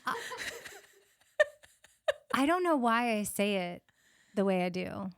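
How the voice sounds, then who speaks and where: A woman co-hosting a casual podcast, lively and quick to laugh. Her S sounds have a noticeable whistle. The recording is dry and close, with no room echo. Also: medium pitch, clean tone. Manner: animated, laughs easily. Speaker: podcast co-host. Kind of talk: casual chat.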